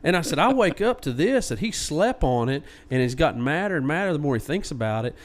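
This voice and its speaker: A man co-hosting a podcast, casually retelling a story and acting out what others said in lively quoted voices. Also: fairly high pitch, fast talker. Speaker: podcast co-host.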